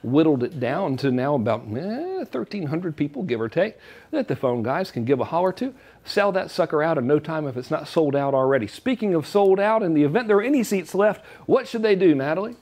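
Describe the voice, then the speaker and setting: A man's voice: a little high, sing-song, a little fast, a little mellow, husky. A man giving a joking, salesy marketing talk straight to camera. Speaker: online marketing presenter.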